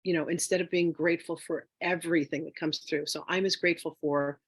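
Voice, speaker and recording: A woman telling a personal story in a casual, animated way as a spiritual wealth teacher, with lots of fillers. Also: sits low, a little fast, husky, no echo. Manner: animated, chatty, with frequent fillers; emotional, near tears.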